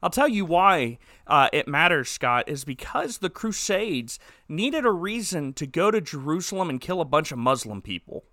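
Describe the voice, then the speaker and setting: Man, podcast co-host, bright and forceful tone, fairly high voice, jokey animated storytelling, dry close sound. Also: moderate pace, no room sound. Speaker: podcast co-host recapping a movie. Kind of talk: casual comedic podcast chat.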